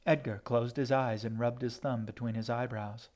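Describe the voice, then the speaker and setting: A man narrating a fantasy audiobook in a steady, measured way. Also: medium pitch.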